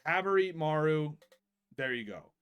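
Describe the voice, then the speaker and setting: A young man streaming a game, chatting casually and reading narration, an animated storyteller who laughs often and swears freely. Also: a little high, a little slow, clear, resonant tone. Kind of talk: casual live-stream chat and game read-through.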